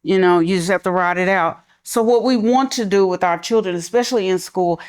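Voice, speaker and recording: A middle-aged woman who works in schools, speaking conversationally on a panel and softening her voice for examples. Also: mid-range voice, brisk. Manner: conversational, relaxed, drops to a soft calm voice for examples. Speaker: school mental health professional. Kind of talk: panel talk.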